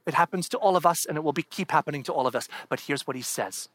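A man preaching a sermon, reading scripture dramatically and swinging between hushed whispers and loud, soaring declarations. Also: on the high side, fast talker, hardly any pauses, no room sound. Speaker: pastor.

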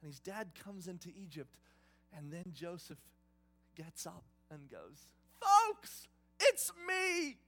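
A man preaching a sermon, retelling a story in a lively, conversational, dramatic way. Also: fairly high pitch, a little slow, slightly rough, soft background music. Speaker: pastor.

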